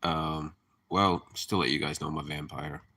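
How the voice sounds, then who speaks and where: Male streamer, low voice, laughs a lot and swears casually while chatting to viewers. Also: steady tone, normal speed, sharp tone. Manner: rambling, laughing, cursing freely; hyper, chatty. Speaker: live streamer. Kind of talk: casual live-stream chat.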